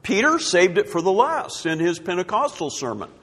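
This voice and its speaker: A man's voice: sits high, very animated, moderate pace, a bit bright, husky, long reverb tail. A man preaching a sermon, emphatic and repeating his key words for effect.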